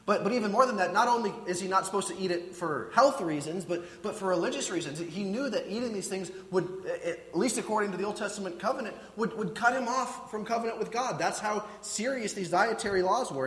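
Man preaching, high voice, chatty and relaxed, repeats himself, roomy hall reverb. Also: brisk, few pauses. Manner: casual, restarts words, relatable asides. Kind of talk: conversational sermon. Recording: echoey hall with long reverb.

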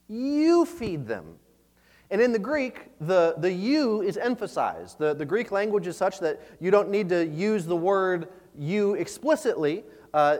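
A male pastor delivers a sermon in a relaxed, conversational way, often doubling words as he thinks aloud. His voice sits high for a man. The sound carries a long reverb, as in a church sanctuary.

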